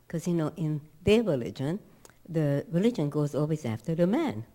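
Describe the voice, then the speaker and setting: A woman's voice: low-pitched, big pitch swings, normal speed, dark tone. A woman teaching a Torah class, telling the story dramatically with emphatic rhetorical questions and acted-out quotes.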